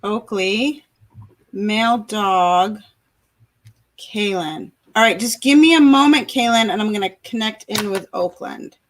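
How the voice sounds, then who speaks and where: A woman's voice: medium pitch, expressive, normal speed, few pauses, poor audio. A woman working as a pet communicator on a livestream, chatty and laughing at herself as she describes a dog. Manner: chatty, laughing, self-conscious. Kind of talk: livestream talk.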